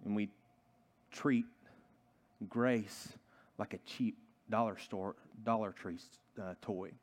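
A man's voice: fairly low pitch, fairly even intonation, slow pace. A man preaching a sermon in a church, telling a story earnestly and often restarting his sentences. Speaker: pastor.

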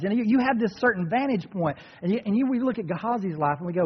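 A man preaching a sermon to a congregation, animated and conversational. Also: high-pitched, fast, hardly any pauses, slightly rough. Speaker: pastor. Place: church sanctuary. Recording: dull sound in a reverberant hall.

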